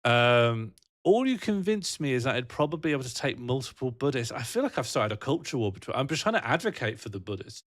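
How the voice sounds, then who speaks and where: A man's voice: mid-range voice, very animated, fast talker, few pauses, fairly bright tone, no room sound, studio quality. A man rambling and joking on a casual livestream, answering his chat and laughing often.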